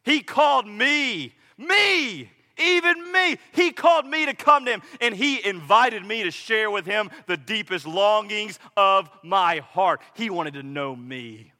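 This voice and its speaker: High, bright-voiced preacher in a hall. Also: male voice, animated, unhurried, few pauses. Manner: dramatic, swings from loud to hushed, acts out quotes. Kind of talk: sermon. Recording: echoey hall reverb.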